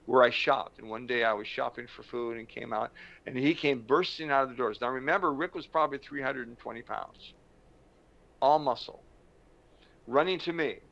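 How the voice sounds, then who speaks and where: A man who works as a motivational speaker tells a story in a slow, dramatic way with emphatic pauses. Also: medium pitch, gravelly, a bit bright. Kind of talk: storytelling talk to camera. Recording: dull lo-fi sound.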